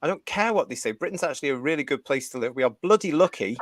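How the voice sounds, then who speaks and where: A man's voice: fairly high pitch, animated, racing, no room sound. A man from the United Kingdom hosting a live fan review show, reading viewer comments and ranting with strong opinions.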